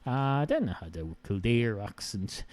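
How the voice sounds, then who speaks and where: A man's voice: fairly low pitch, lively intonation, unhurried, a little mellow, no room sound. A man with an Irish accent hosting a solo podcast, rambling sardonically with many fillers. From Ireland. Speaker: podcast host.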